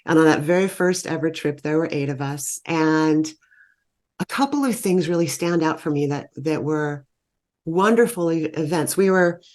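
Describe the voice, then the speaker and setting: A woman with a low voice tells stories of guiding small groups on treks. She speaks in a relaxed, conversational way and lifts her voice when she acts out what people said. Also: moderate pace. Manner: animated, warm storytelling that lifts into quoted exclamations. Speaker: guest, meditation retreat leader. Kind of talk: conversational storytelling.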